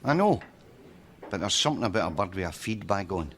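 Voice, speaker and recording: A man's voice: sits low, sing-song, fairly quick, fairly bright tone, a little hiss or hum, exaggerated voice. A man playing a coarse, scheming pub regular who makes crude jokes. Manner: crude joking. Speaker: sitcom character.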